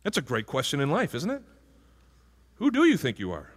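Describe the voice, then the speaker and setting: A man's voice: fairly high pitch, huge pitch swings, normal speed. A male pastor giving a conversational sermon and asking the congregation questions. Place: church sanctuary. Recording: hall reverb from a church.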